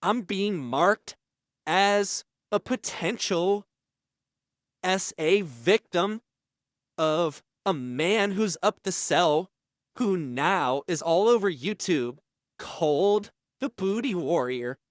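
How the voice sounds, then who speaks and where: A man telling a deadpan comic prison story in a halting, stammering, self-pitying way. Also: sits high, no room sound, clean studio sound. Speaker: parody interviewee.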